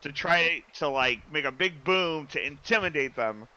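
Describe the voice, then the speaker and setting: A man playing a tabletop game, halting and searching for words as he explains his moves. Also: a little high, expressive, pushed and bright. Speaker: player. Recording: dull lo-fi recording.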